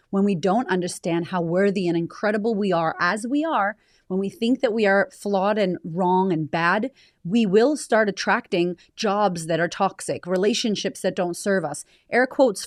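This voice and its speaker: A woman in her thirties, talking frankly and reflectively as an interview guest, with quick bursts and casual swearing. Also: medium pitch, dry recording, clean studio sound. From United States. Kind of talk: candid conversational interview.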